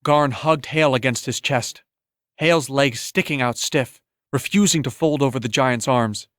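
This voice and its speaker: A man narrating an audiobook in a steady, even storytelling manner, close to the mic. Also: medium pitch, moderate pace, dry recording. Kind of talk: scripted narration.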